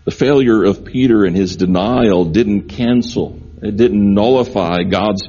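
Male pastor, sermon delivery, warm husky tone, dull lo-fi sound. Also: fairly low pitch, measured pace. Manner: earnest preaching, repeats phrases for emphasis.

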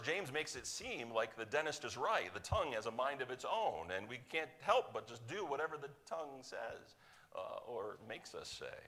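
A man with a fairly low voice preaches a sermon. He swings from emphatic, raised stretches to quiet, slowed-down lines, repeating key phrases for weight. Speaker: pastor.

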